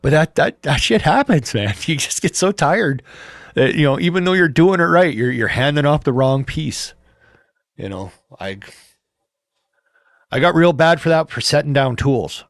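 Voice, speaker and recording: Animated and a little high-voiced, a middle-aged man talks at a moderate pace while hosting a casual home livestream. He swears freely, laughs at himself and wanders through his stories for viewers, all captured in a dry, studio-quality recording.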